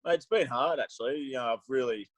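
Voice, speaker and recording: A man's voice: medium pitch, fast talker, no room sound. A man in his thirties with an Australian accent, chatting as a guest on a video call in a laid-back, reflective way. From Queensland, Australia. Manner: laid-back, says mate often, reflective. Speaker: guest rugby player. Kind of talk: casual video call chat.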